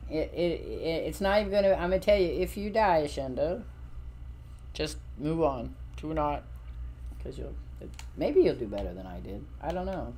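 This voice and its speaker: A middle-aged woman with a low voice chats casually while she plays a game on stream. She rambles and restarts her sentences, with a faint hiss behind her. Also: expressive, moderate pace, pauses often, warm tone. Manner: rambling, chatty, full of fillers and restarts. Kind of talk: casual chat while gaming.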